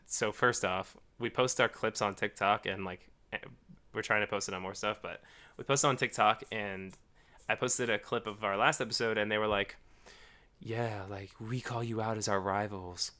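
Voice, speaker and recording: Bright-toned, rambling podcast guy. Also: lowish voice, fairly even intonation, normal speed, clear, resonant tone. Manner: rambling, laughs through his sentences. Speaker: podcast co-host. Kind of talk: casual podcast chat.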